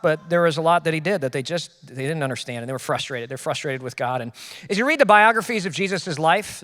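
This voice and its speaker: High-voiced young male preacher. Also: fairly bright tone, big-room sound. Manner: casual, conversational preaching with acted-out quotes. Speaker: pastor. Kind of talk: sermon. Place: church hall.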